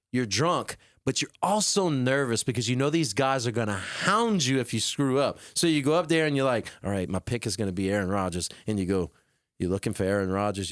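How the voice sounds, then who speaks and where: A man's voice: lowish voice, no room sound, studio quality. A man hosting a podcast, chatting casually and acting out his friends' voices as he tells stories. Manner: animated storyteller, acts out friends' voices. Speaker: podcast host, DJ. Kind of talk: casual chat.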